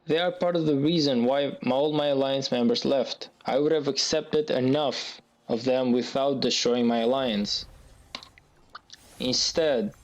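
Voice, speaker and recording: A man's voice: mid-range voice, highs cut off. A man giving gameplay commentary, venting in an agitated, repetitive way as a gaming YouTuber.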